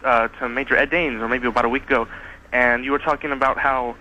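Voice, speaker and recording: A man phoning in to a radio show talks quickly in a bright, edgy voice. He keeps stalling on ums and trails off when he is unsure. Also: medium pitch, steady tone, muffled recording, slight background noise. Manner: hesitant, full of ums. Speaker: caller. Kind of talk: phone-in chat.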